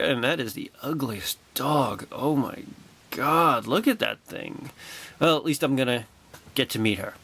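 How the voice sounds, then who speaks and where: A man vlogging a personal anecdote with excitable, wry storytelling and a sarcastic edge. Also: medium pitch, unhurried, slightly rough.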